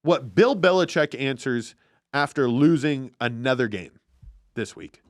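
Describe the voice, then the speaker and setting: A man hosting a casual football podcast, talking in an excitable, profane, animated way. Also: medium pitch, a little slow, no echo, studio quality. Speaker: podcast host. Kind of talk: casual sports chat.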